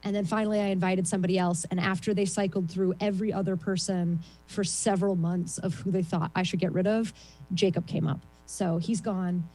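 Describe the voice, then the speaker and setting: A woman doing a rambling, self-deprecating stand-up set over a video call, with a voice she calls shrill and lots of ums. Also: fairly even intonation, a little fast, warm tone, poor audio. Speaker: stand-up comedian.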